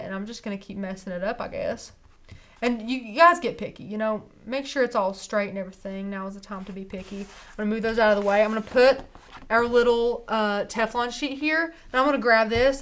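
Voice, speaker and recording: A woman's voice: a little high, fairly quick, fairly bright tone. A young woman with a Southern US accent, chatting casually and upbeat while demonstrating a craft project on a livestream. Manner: chatty, upbeat, laughs often.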